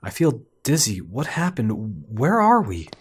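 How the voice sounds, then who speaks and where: A man reading out a troubled, shaken investigator from a story game. The delivery is plain and unacted, with a lively pitch that rises and falls. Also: measured pace, breathy edge, full character voice. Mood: urgent. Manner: reads dialogue aloud, plain voice.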